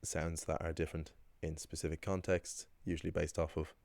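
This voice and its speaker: A man with a very deep, low voice explains language points in a loose, chatty way, often pausing with ums and restarting sentences. The sound is close and dry, with no room around it. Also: little pitch movement, vocal fry, darkish tone, no room sound. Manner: chatty, rambling, frequent ums and self-corrections. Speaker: Irish language teacher. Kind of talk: casual explanatory lesson.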